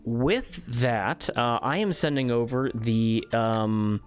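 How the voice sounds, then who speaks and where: A man's voice: mid-range voice, slow, faint music behind. A man narrating as game master in a casual, rambling way, full of filler words.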